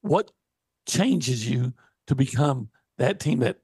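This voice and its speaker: A man's voice: medium pitch, very animated, takes it slowly, gravelly, a little mellow, slightly rough, dry recording. A man co-hosting a sports radio show, joking and bantering in casual football talk. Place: radio studio.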